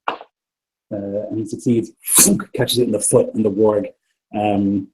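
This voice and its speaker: A man narrating as game master of a tabletop game, pausing often with ums and uhs. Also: lowish voice, flat delivery, dark tone, slightly rough, low-quality recording. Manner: hesitant, filler-heavy narration.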